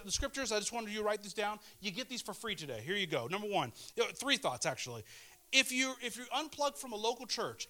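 A man's voice: sits high, bright, forceful tone. A middle-aged male pastor preaching a sermon in a conversational way, repeating phrases and asking the congregation questions. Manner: conversational, repeats himself and restarts, asks the audience questions.

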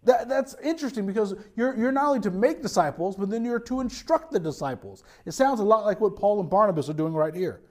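Male pastor, high voice, lively sermon with restarts and asides. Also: fast talker, few pauses. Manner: animated preaching with restarts and asides.

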